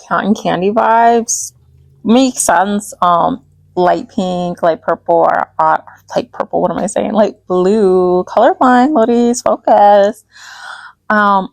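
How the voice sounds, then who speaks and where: A woman's voice: mid-range voice, gravelly, darkish tone, no room sound. A woman vlogger chatting casually about her doll collection, rambling and giggly, tripping over names as she goes. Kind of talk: casual chat while restyling dolls.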